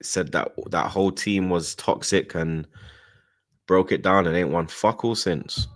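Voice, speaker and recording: A man with a low, heavy voice hosts a casual football live stream. He reads chat messages in quick runs and bursts out loudly when he shouts out viewers. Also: fairly even intonation.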